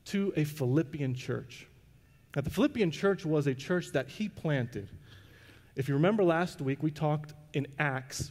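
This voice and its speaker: Middle-aged man, pastor, conversational storytelling sermon, slightly high voice, echoing sanctuary. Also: darkish tone. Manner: conversational, with frequent restarts and fillers. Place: church sanctuary. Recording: long reverb of a church hall.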